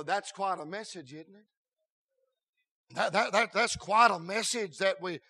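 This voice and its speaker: A man preaching a sermon as pastor, with a shouting, sing-song cadence and many "uh" fillers and stammered restarts. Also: high voice.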